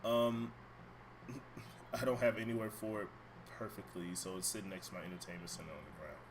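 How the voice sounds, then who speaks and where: A man's voice: deep voice, little pitch movement, fairly quick, noisy background. A man streaming himself playing a video game from a room at home, chatting and bantering with his viewers and swearing freely. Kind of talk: casual live-stream chat while playing. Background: game music.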